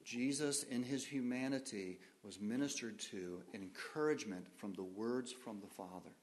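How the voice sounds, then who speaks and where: Preaching at a moderate pace in a fairly low voice, a male pastor questions his congregation. His delivery moves from soft, quiet phrases to bursts of loud emphasis.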